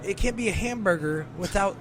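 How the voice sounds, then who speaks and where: A man co-hosting a radio show, ranting in an animated, exasperated way and laughing between complaints. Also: high-pitched, fairly quick, crowd noise. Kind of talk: casual comedic rant.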